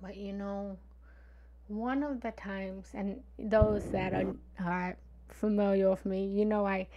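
A meditation coach speaks on a live stream with a gravelly voice that often drops into vocal fry. She is a woman of middling pitch who tells her own story openly and vulnerably, looping back with "you know" and "right?". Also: fairly even intonation, slow, noisy background. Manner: candid, vulnerable storytelling with many fillers and "right?". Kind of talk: live-stream confessional talk.

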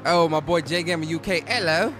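Streamer, man, casual slangy game commentary, shouts out viewers, music behind. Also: mid-range voice, fairly quick. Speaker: gaming streamer. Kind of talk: live let's play commentary.

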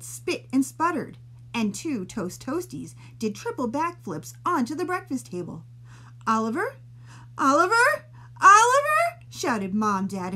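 A woman librarian reads a silly bedtime story to children, playful and expressive, drawing out her words. Her pitch rises and falls with lively animation, and she reads at a slow, deliberate pace. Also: slightly rough.

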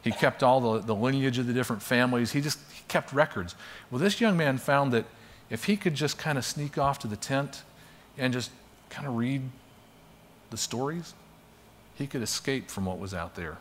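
A man's voice: mid-range voice, moderate pace, slight background noise. A man teaching a class by telling a parable in a conversational storytelling manner. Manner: conversational storyteller, acts out quotes. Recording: long hall reverb.

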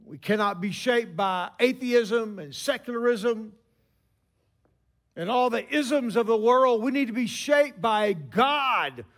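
A man in his sixties preaching a sermon, telling stories with emphatic pauses. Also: extremely high pitch, expressive.

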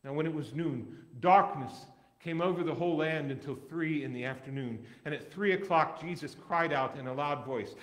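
A man reading scripture aloud as a dramatic recitation in a church, measured, with wide swings in loudness. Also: fairly high pitch. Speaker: scripture reader.

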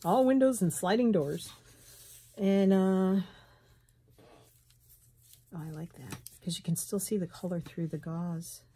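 Craft vlogger, middle-aged woman, slight Southern lilt, husky, warm and unhurried, thinks out loud. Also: lowish voice. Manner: chatty, thinks aloud while crafting, frequent soft laughs. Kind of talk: casual craft tutorial chat. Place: home sunroom, indoors.

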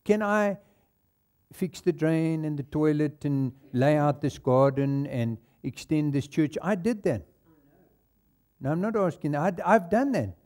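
A male pastor with a South African English accent preaches in church, his voice on the high side, animated, a little slow and somewhat mellow. He tells stories and laughs at his own anecdotes.

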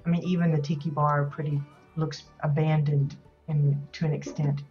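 Low-voiced woman, casual rambling commentary. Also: level tone, normal speed, lo-fi sound, faint music behind. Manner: rambling, many ums and restarts. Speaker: host touring player houses in a game.

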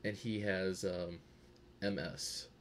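A man's voice: sits low, level tone, slow pace, a little hiss or hum. A young adult man co-hosting a casual movie review talk, rambling a bit and laughing at himself. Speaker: co-host.

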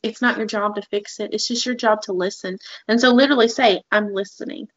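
A woman's voice: a little high, steady tone, a little fast, dry recording, muffled recording. Earnest woman podcast co-host. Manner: earnest, talks through examples with many "like"s. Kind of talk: casual podcast chat.

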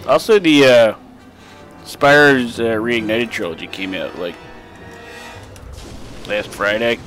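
A young let's play host takes it slowly in a mid-range voice while casually narrating his gameplay. Excitable and foul-mouthed, he laughs often, recorded on a desk mic with faint music behind.

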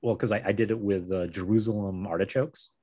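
Wine tasting host, low husky male voice, halting and repetitive, on a video call. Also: fairly even intonation, mellow. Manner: halting, repeats words, laughs often. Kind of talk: casual chat on a video call.

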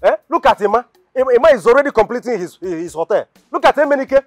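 A man's voice: extremely high pitch, quick pace, no room sound, soft background music. An actor with a Nigerian accent playing an impatient young man desperate to travel abroad, pleading and stammering. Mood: indignant. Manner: excitable, pleading, stammering repetitions. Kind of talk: film drama acting.

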